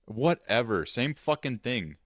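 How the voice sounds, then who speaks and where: A man's voice: mid-range voice, big pitch swings, unhurried, a bit bright, no room sound, studio quality. A man co-hosting a podcast, teasing his friend with profane, joking banter. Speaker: podcast co-host. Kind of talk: casual chat.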